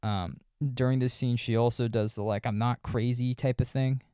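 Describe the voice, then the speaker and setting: A man's voice: mid-range voice, steady tone, normal speed, mellow, clear, resonant tone, no room sound, clean studio sound. A man hosting a podcast, casually reviewing a horror movie in a wry, sarcastic, rambling way. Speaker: podcast host.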